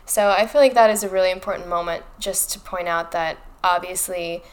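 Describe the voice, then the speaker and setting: A woman's voice: lowish voice, fairly even intonation, fairly quick, clean tone. A woman co-hosting a casual podcast chat, talking things through thoughtfully and reading passages aloud. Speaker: podcast co-host.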